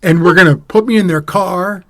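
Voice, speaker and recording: A man co-hosting a podcast tells a personal story with many pauses and restarts. His voice sits a little high for a man. The sound is dry and close. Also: sharp tone, no echo. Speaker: podcast co-host. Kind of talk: casual conversation, personal story.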